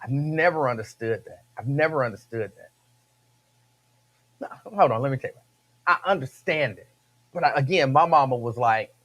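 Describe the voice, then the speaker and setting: A man's voice: mid-range voice, normal speed, long pauses, fairly bright tone. A man hosting a radio show, talking casually and emphatically, repeating his phrases and laughing between points. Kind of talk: casual talk-radio monologue.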